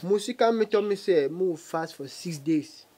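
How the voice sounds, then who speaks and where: A man's voice: high voice, animated, moderate pace, mellow. An actor playing a nervous male tenant who pleads with his landlord in Cameroonian Pidgin. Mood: urgent. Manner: pleading, placating.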